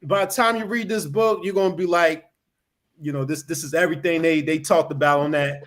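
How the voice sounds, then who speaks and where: A man's voice: fairly high pitch, steady tone, brisk, fairly bright tone. A man hosting a podcast, rambling and leaning on "you know" as he talks about a book. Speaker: podcast host. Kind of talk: casual podcast chat.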